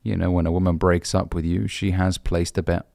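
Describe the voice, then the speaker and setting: A man's voice: low voice, little pitch movement, a little fast, creaky, a little mellow, no echo, studio quality. A young man from the UK, a dating coach, giving blunt, brotherly advice and swearing casually. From United Kingdom. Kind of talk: direct-to-camera advice talk.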